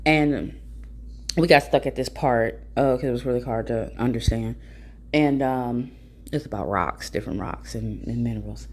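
A woman's voice: very deep voice, normal speed, breathy edge. A woman in a casual storytelling monologue, giving blunt, profane, preachy advice to mothers.

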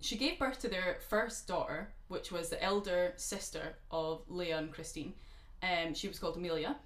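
A woman's voice: on the low side, moderate pace, echoey room. A woman casually telling a grim true story to a friend, sarcastic and swearing, sipping gin as she goes. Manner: sarcastic, swearing, dark humor. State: drinking gin. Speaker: podcast co-host telling a true crime story.

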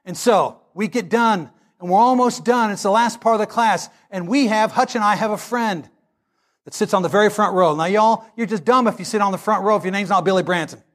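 A man preaching a sermon, telling a story with animated delivery that builds into shouting. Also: high voice, fairly quick.

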